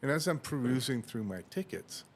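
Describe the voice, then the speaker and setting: A man's voice: mid-range voice, big pitch swings, moderate pace, a little hiss or hum. A man on a podcast telling a long anecdote in casual chat, acting out dialogue and laughing often. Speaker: podcast host.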